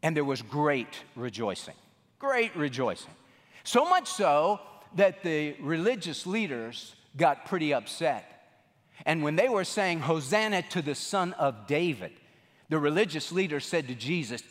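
A man preaching a sermon as pastor, telling the story in an animated way from a church sanctuary. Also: on the high side, unhurried. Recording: long reverb of a large room.

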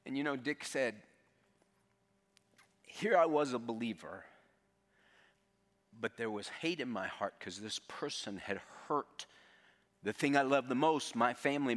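A man preaching a sermon, telling a story earnestly and dropping to a hushed tone for quoted lines. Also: medium pitch, expressive, a little slow, long pauses. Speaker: pastor. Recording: long reverb of a large hall.

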